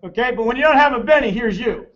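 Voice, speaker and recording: Speaking quickly in a very high, somewhat bright voice, this man leads a lively financial seminar full of brash jokes and ribbing of his audience. It's captured from a distance in a roomy space, so the sound is muffled.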